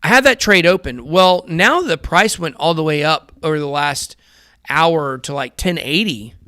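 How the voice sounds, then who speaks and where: Guy in his 30s chatting about his trades, kinda higher voice, dry close mic, loose rambly talk. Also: normal speed, sharp tone, no room sound. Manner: rambling, conversational, addresses viewers as guys. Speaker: crypto trading show host. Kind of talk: casual chart commentary.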